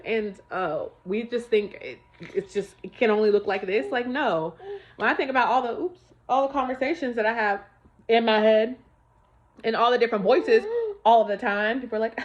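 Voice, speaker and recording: A woman's voice: a little high, expressive, normal speed, highs cut off. A woman vlogging at home, chatting emphatically to her viewers about faith and money. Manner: chatty, emphatic, keeps calling viewers y'all. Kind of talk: casual faith testimony to viewers.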